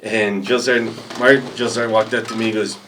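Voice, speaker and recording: A man's voice: on the low side, little pitch movement, a little fast, fairly bright tone, distant mic, slight background noise. A man guest telling casual stories, rambling and laid-back. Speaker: podcast guest. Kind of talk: casual storytelling. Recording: voice a bit off-mic.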